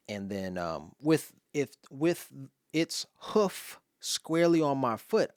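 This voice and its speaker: A man's voice: on the low side, no echo, studio quality. A man from Los Angeles giving casual spoken commentary on his own poem, telling stories with voiced asides and sometimes dropping to a whisper.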